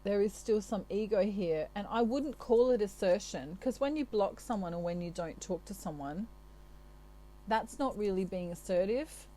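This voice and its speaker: A woman's voice: mid-range voice, expressive, moderate pace, dark tone, poor audio. A woman from Australia giving a channelled tarot reading in a chatty, reassuring way, with many asides. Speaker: tarot reader.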